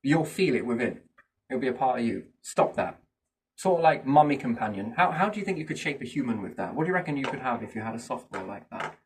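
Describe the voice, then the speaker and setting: A man's voice: medium pitch, lively intonation, quick pace, slight background noise. A man musing in a casual chat, rambling from thought to thought and often asking rhetorical questions. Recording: voice a bit far from the mic.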